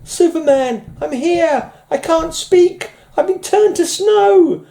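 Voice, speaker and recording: Man doing a shrill falsetto scornful lady reporter. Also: slow, gravelly, mellow, heavily acted. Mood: desperate. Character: haughty young woman reporter, scornful.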